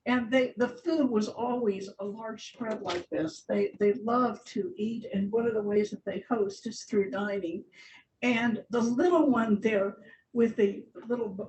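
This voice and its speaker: A woman's voice: a little slow, darkish tone. An older woman giving a chatty, informal talk about her slides as a church guest speaker, laughing often. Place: large church hall. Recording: echoey hall, distant mic, faint rumble.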